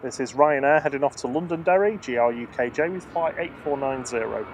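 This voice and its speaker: A man's voice: medium pitch, brisk, background noise. Man giving casual live commentary. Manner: reads out flight numbers and registrations matter-of-factly; chats and reads viewer comments aloud. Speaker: live stream host.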